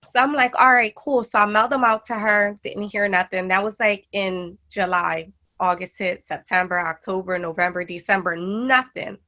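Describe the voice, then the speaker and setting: A young woman guest chatting casually, an excited storyteller who acts out her own retellings. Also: mid-range voice, moderate pace, few pauses. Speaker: guest artist and jewelry designer. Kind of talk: casual chat.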